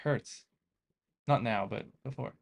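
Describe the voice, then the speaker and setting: Slow and creaky in the mid range, a young man from the United States chats casually with viewers while live coding. As a coding vlogger, he mostly mutters and thinks aloud over what he's writing.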